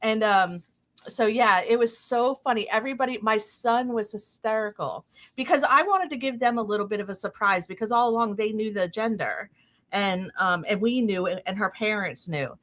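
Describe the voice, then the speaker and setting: A middle-aged woman hosting a casual chat stream, telling a long anecdote with fillers and lively quoted voices. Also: mid-range voice, normal speed. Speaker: stream host.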